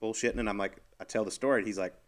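Quick-talking man co-hosting, teasing. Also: lowish voice. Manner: teasing, relaxed storytelling. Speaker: podcast co-host, former golf pro. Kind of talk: casual banter.

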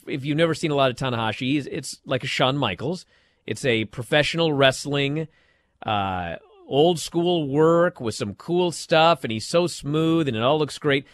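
Man, podcast co-host, high bright voice, dry close sound, animated storytelling. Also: dry recording. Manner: animated, acts out moves with shouted yells. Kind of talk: excited wrestling podcast chat. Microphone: studio microphone, close.

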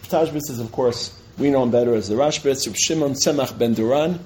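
A middle-aged man teaching a Talmud class as a rabbi, quick and digressive, often correcting himself and reading Hebrew and Aramaic sources aloud. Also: medium pitch, a little mellow, slight background noise, poor audio. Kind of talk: lecture with questions from students.

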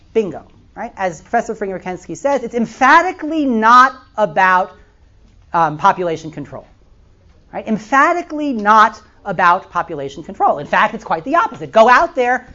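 Lively woman lecturing a class. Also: medium pitch, normal speed. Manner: animated, asks the class many questions, frequent "right?" and "okay?". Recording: slightly dull, lo-fi classroom recording.

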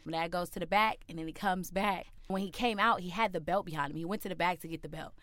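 A woman with a smooth, resonant voice sitting a little low in pitch tells a personal story. She is animated and acts out the voices of the people she quotes. The recording is dry and close. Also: fast, no echo.

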